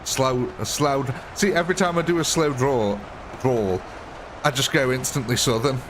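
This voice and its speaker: A man's voice: mid-range voice, a little fast, noisy background. A man hosting a gaming livestream, chatting casually with viewers and chuckling often. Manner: chatty, chuckling, answers chat. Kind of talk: casual live-stream chat.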